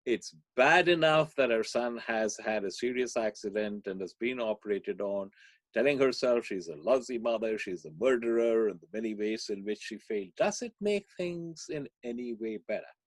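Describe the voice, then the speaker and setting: A man being interviewed on a podcast, explaining ideas through animated storytelling. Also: medium pitch, moderate pace, dry recording. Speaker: guest speaker.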